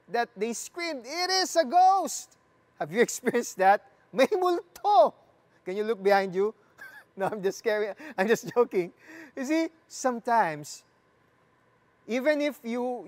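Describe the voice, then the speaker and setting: A preacher delivers a sermon at an unhurried, measured pace. The voice sits at a middle pitch, and the delivery leans on repeated phrases. Questions are put straight to the listeners, with a light, joking touch. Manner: asks the listeners questions and jokes with them. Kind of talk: sermon with scripture reading.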